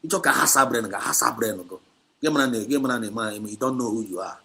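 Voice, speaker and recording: Speaking fast at medium pitch, with vocal fry and a sharp tone, a Nigerian man with an Igbo accent hosts an activist livestream. He scolds and exhorts emphatically, repeating himself constantly and shifting between Igbo and English.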